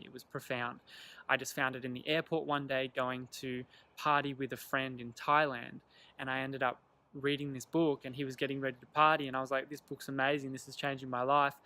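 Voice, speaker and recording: A young man telling a personal story to camera in an earnest, animated way, acting out the lines of the people in it. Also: mid-range voice. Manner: earnest, animated retelling with quoted dialogue. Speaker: vlogger.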